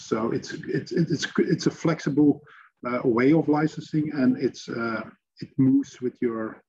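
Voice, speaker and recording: A man presenting a webinar training session, talking in a halting way with many fillers. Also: mid-range voice, darkish tone, slightly rough. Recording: dull lo-fi sound with faint noise.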